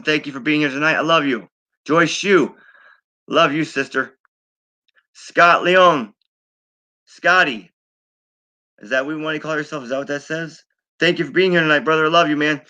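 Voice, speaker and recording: Bright-voiced man hosting a recovery livestream. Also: on the high side. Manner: warm, repetitive, encouraging, reading names off a fast chat feed. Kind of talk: heartfelt livestream sign-off and shout-outs.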